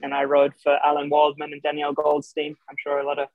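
A young Australian man with an Irish-tinged accent, a showjumping guest chatting casually, halting with many fillers and restarts. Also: a little high, monotone, no echo. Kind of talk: casual interview chat. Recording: dull lo-fi podcast sound.

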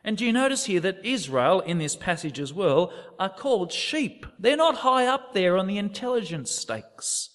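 A man's voice: high-pitched, very animated, moderate pace, hardly any pauses, a bit bright, long reverb tail. A man preaching a sermon, asking rhetorical questions and dropping to near-whispers for effect.

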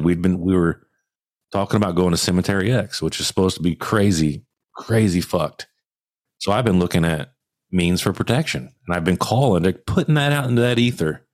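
Low-voiced man telling a story animatedly. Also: no echo. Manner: animated storytelling, heavy swearing. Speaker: podcast host. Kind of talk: casual podcast chat.

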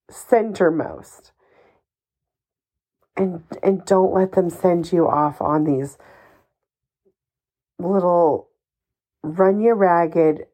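Slow-talking, emphatic woman podcast host. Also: lowish voice, warm tone. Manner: emphatic, encouraging, a bit ranty, swears casually. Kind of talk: solo podcast advice monologue.

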